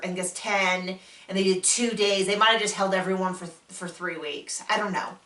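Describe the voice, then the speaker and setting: Bright, chatty woman in an echoey room. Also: fairly even intonation, moderate pace, recorded from a distance. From United States. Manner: chatty, enthusiastic, acts out quotes with big pitch jumps. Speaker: podcast host reviewing a TV show. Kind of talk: casual spoken review. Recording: echoey room, voice a bit off-mic.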